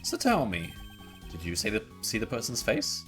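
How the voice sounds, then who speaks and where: A man's voice: fairly low pitch, huge pitch swings, normal speed, a bit bright, soft background music. A man reading the lines of a cool male prosecutor who questions a suspect closely. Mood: probing. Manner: probing, questioning.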